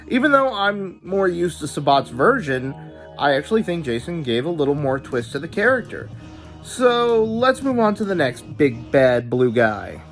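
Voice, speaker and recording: A man's voice: on the high side, a bit bright. A man hosting a video, giving opinionated casual commentary with stammering asides. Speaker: video host reviewing dubs.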